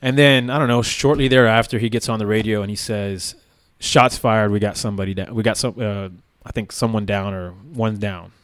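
A man's voice: fairly low pitch, fairly quick, hardly any pauses, smooth, dry recording. A man, a former police officer, recounting a story casually with lots of fillers. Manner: relaxed, rambling with many fillers.

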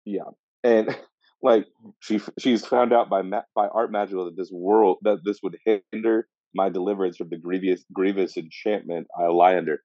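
Male podcast co-host, deep dark voice, rambling and playful, dull dry recording. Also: normal speed, no echo. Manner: rambling, animated, acts out characters in funny voices. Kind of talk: casual book discussion.

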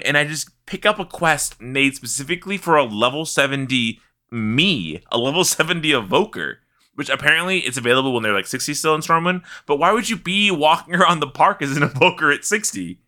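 Bright-voiced man telling a story. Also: a little high, a little fast. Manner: animated storyteller, swears freely, laughs often. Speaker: podcast co-host. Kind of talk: casual chat.

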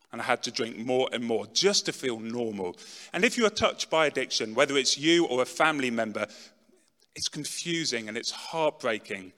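A middle-aged man giving a dramatic personal testimony talk, swinging from loud, pushed lines to hushed ones. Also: mid-range voice. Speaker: speaker telling his testimony. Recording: long reverb in a large hall.

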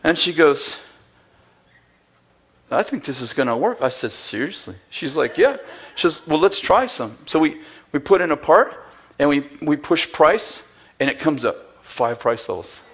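A man's voice: on the high side, expressive, moderate pace, a bit bright. A man preaching a sermon, telling a story with acted-out dialogue and bursts of laughter. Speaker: pastor.

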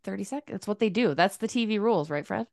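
A woman in her thirties hosting a casual sports podcast, chatty and quick to laugh. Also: mid-range voice, lively intonation, vocal fry, dry recording, clean studio sound. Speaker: podcast host and sports writer.

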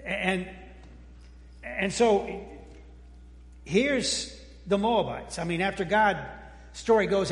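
A man preaching a folksy, conversational sermon as pastor, joking with the congregation and often restarting his sentences before dropping suddenly quiet. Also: sits high. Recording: echoey hall with long reverb.

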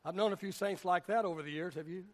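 A male pastor preaching a sermon with passion, often raising his voice to a shout. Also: high voice, quick pace.

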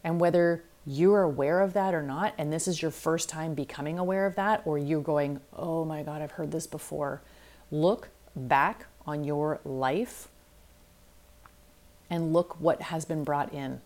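A woman's voice: low-pitched, unhurried, darkish tone. A middle-aged woman, a life coach hosting a solo self-help podcast, talking candidly and reflectively, sometimes acting out her own inner voices.

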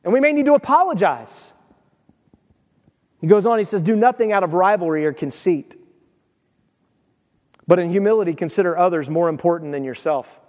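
A man's voice: high voice, animated, normal speed, pauses often, darkish tone. A man preaching a sermon as pastor, telling everyday stories and asking the congregation direct questions. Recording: long hall reverb.

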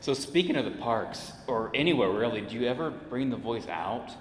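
A man hosts a live convention panel with easygoing questions and quick agreeable asides. His voice sits at an ordinary pitch. It carries a roomy echo and a faint crowd murmur behind it. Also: animated, a little hiss or hum. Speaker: panel host. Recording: echoey hall with faint crowd ambience.

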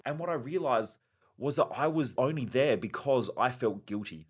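A man's voice: mid-range voice, animated, moderate pace, breathy edge. A man hosting a self-help podcast, delivering a blunt, driven, emphatic monologue with casual swearing. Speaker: podcast host.

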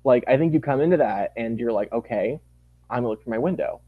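Podcast guest, man, gushing and lively, lo-fi dry recording. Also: medium pitch, fast, breathy edge, dry recording. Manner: animated, gushing, acts out quotes. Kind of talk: casual chat.

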